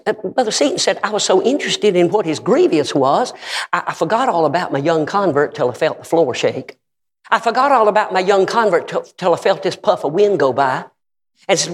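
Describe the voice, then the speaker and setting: A man preaching a sermon, telling stories with acted-out quotes and rising at times to shouts. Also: high-pitched, husky, long reverb tail. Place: church sanctuary.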